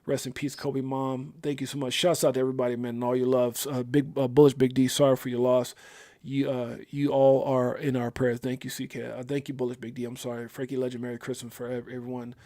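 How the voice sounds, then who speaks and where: A grieving man hosting a casual livestream, reading viewer comments aloud and talking haltingly with many fillers and restarts. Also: mid-range voice, flat delivery, mellow. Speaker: livestream host.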